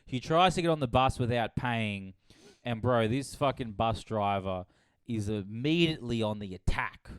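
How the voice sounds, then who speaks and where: A man retells a late-night story on his podcast, casual and full of swearing. His voice is smooth and resonant, recorded close with a dry sound. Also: medium pitch, animated, normal speed, no echo. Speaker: podcast host. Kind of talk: casual chat.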